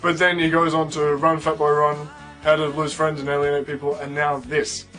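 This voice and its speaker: A man's voice: fairly high pitch, completely flat delivery, normal speed, fairly bright tone, faint music behind, low-quality recording. A man co-hosting a review show in casual, comedic chat, grumbling with mock-serious complaints. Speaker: co-host, film reviewer.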